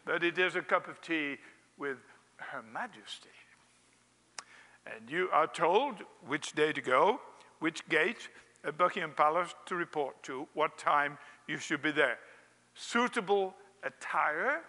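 A man's voice: on the high side, moderate pace, pushed and bright, in a large hall. A man preaching a sermon, telling a wry anecdote and acting out its quotes.

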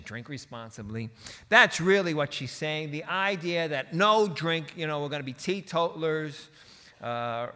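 A man preaching a sermon in a conversational, folksy way, dropping in quick voiced quotes and asides. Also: fairly high pitch, pushed and bright. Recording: long reverb of a large hall.

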